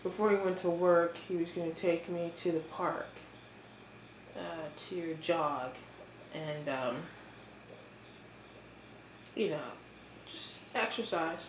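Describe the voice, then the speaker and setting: Rambling woman in an echoey room. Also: fairly low pitch. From United States. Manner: rambling, halting, with many fillers; chewing while talking. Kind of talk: casual monologue. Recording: echoey room with faint noise.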